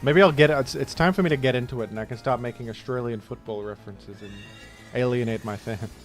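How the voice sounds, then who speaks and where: A gaming streamer with a mid-range voice talks fast while he plays, chatting casually. Between moves he tells rambling stories that poke fun at himself, with faint music in the background.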